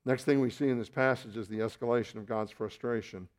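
A man preaching a sermon as pastor, shifting between loud emphatic rises and quiet asides, with self-deprecating remarks and restarts. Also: mid-range voice, fairly even intonation, fast talker.

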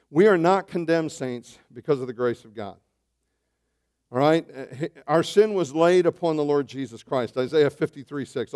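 A man preaching a sermon as pastor, animated, swinging between loud bursts and hushed asides, calling his listeners saints. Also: on the high side, clean tone. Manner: addresses listeners as saints, asks questions.

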